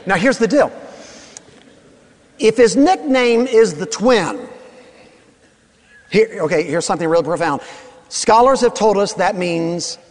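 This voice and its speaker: A man preaching a sermon in a church, playful and animated, calling on the congregation to answer back. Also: high voice, slow pace, long pauses. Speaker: pastor. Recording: long reverb of a large hall.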